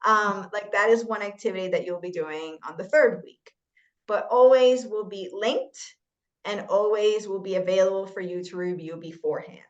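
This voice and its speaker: A woman training volunteer tutors, walking through a lesson plan on a shared screen in a casual, explanatory way with quick apologies. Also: mid-range voice, lo-fi sound.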